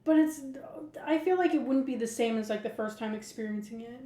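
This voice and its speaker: High-voiced woman rambling in casual chat. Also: brisk, warm tone, reverberant. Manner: rambling, heavy use of "like". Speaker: podcast co-host.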